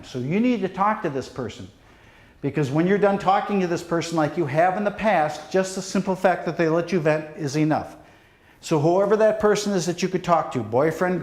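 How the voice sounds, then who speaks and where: Echoey man telling a dramatic story. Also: fairly high pitch. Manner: dramatic storytelling, speaks straight to the audience; pleading, drops to near hush at the end. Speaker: police deputy chief giving a safety talk. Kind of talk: motivational presentation to students. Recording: echoey hall.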